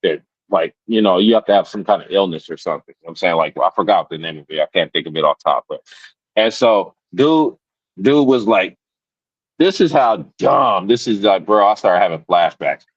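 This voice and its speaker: A man's voice: low-pitched, lively intonation, fairly quick, slightly rough, no echo, dull audio. A man telling a story in casual chat, rambling, with many restarts and fillers. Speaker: podcast guest.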